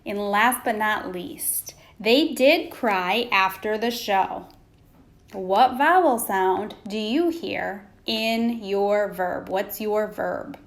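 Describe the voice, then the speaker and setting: Slow, patient woman teaching phonics. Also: medium pitch. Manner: slow, patient, prompting pauses for answers. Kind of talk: phonics lesson for young children.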